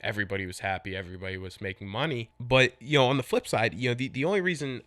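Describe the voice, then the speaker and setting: A man's voice: medium pitch, racing, a bit bright, no room sound. A man in his thirties, a company founder, talking candidly and bluntly in a casual reflective monologue, with frequent "you know" and casual swearing. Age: 30s.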